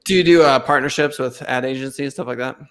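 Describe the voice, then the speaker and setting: A man's voice: medium pitch, fast, a bit bright, clear, resonant tone. Joking, blunt man hosting a podcast. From North Dakota. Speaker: podcast host. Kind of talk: casual podcast conversation.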